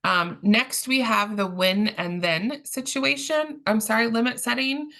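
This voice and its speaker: A woman giving a training presentation in a calm, measured, explanatory way, pausing often with ums. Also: a little high.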